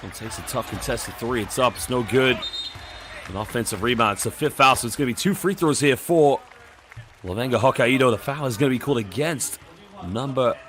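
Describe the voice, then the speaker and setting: A man commentating a live basketball game in a brisk play-by-play manner. His voice sits in an everyday middle pitch. He calls each possession as it happens and reads viewer comments aloud in between. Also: a bit bright, a faint crowd, slight background noise.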